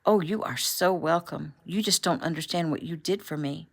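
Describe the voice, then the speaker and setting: A woman voicing an excitable, emotional woman journalist who squeals and gushes as she talks. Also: sits low, moderate pace, gravelly. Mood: gushing.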